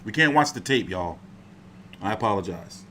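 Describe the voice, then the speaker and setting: A man's voice: on the low side, moderate pace, a little hiss or hum. A man hosting a casual boxing stream at home, rambling and swearing freely as he chats. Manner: profane, rambling, animated. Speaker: boxing commentator. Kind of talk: casual livestream chat.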